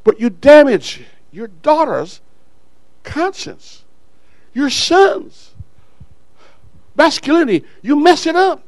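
A male pastor preaches with fiery animation, his very high voice leaping between shouts and low murmurs. He talks slowly and deliberately, breaking into chuckles, and the sound is dry and close to the mic. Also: sing-song, no echo, poor audio. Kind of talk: sermon.

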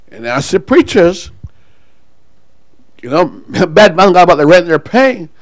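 A pastor preaching a sermon to his congregation, calling people up front and pausing for call-and-response. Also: high voice, very animated, dry recording, rough recording.

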